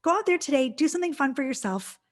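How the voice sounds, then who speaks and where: A middle-aged woman hosting a podcast, chatting casually with a guest in a gushing, effusive way, full of quick restarts. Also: high voice, expressive. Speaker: podcast host. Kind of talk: casual interview chat.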